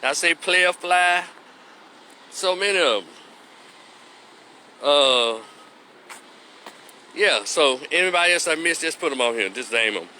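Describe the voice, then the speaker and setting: A man's voice: fairly high pitch, lively intonation, slow, long pauses, pushed and bright, slight background noise. A man from Memphis with a Memphis Southern accent, giving a casual opinion monologue in loose, rhythmic street talk. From Memphis, Tennessee. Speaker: commentary vlogger.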